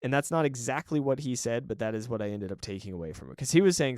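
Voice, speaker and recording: A man's voice: mid-range voice, expressive, quick pace, few pauses, a little mellow, clean tone, dry recording, clean studio sound. A man hosting a solo podcast in a chatty, encouraging way, often correcting himself and laughing briefly. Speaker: podcast host. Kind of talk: casual solo podcast talk.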